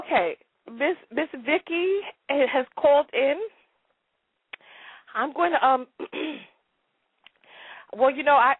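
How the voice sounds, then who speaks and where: A woman's voice: high voice, no room sound. A woman hosting a live call-in advice show, stammering through repeats and breaking into laughter and dramatic exclamations. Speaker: radio advice show host. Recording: tinny phone-like line.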